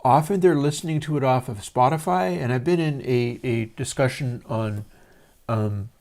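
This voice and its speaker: A man hosting a livestream from his home studio, talking in a meandering, casual way with many pauses and fillers. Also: mid-range voice, creaky, darkish tone. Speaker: livestream host. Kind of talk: casual rambling monologue.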